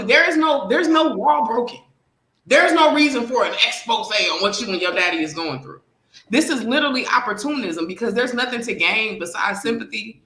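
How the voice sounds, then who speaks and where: Bright-voiced woman in an echoey room. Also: on the high side. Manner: animated, profane, acts out quotes. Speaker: podcast co-host. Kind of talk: casual chat.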